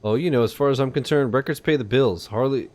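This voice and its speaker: A man's voice: medium pitch, fast, darkish tone, soft background music, lightly acted. A man voicing a jovial middle-aged male biker who runs a record shop, speaking with a put-on French accent.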